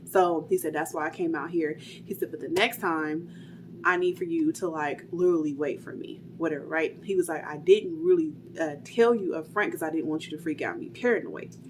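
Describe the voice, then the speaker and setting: A woman's voice: low voice, a little fast, slight background noise. A young woman casually telling a personal story, chatty and full of fillers, acting out what people said. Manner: chatty, retells dialogue, many "like" fillers.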